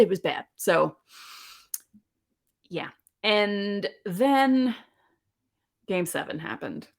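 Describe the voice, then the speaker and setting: A woman in her forties with a fairly low voice talks alone as a podcast host. She tells stories in a candid, animated way and laughs easily. The delivery feels like casual chat, not reading. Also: slow, creaky, pauses often. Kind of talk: casual solo podcast talk.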